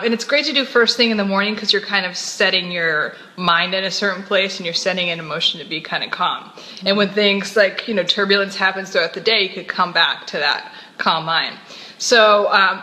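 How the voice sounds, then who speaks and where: Bubbly woman wellness co-host, crisp bright tone, chatty delivery. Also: medium pitch, poor audio. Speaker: co-host, integrative health practitioner and yoga teacher. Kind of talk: casual live show chat.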